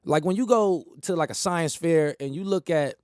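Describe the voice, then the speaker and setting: A man's voice: a little high, moderate pace, a little mellow, smooth, no echo, clean studio sound. Emphatic man riffing on talk radio. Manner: rambling, emphatic, repeats phrases, laughs at his own jokes. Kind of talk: casual monologue.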